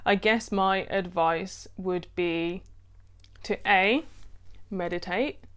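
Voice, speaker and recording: A woman's voice: lowish voice, slow pace, fairly bright tone, clean tone. Frank, laughing woman vlogger. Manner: frank, laughs often, swears casually. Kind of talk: candid personal vlog talk.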